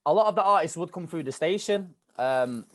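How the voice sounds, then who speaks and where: A man's voice: fairly high pitch, brisk. Chatty Mancunian man telling stories. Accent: Mancunian mixed with Scouse and London. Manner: animated, chatty storyteller. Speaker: radio DJ guest. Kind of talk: casual podcast chat.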